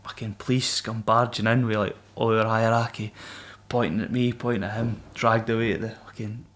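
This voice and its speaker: A man's voice: on the low side, normal speed. A Scottish man, a former Royal Marine, telling stories on a podcast in casual, swearing chat that he breaks with laughs. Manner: swearing, animated, laughs mid-story. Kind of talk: casual storytelling.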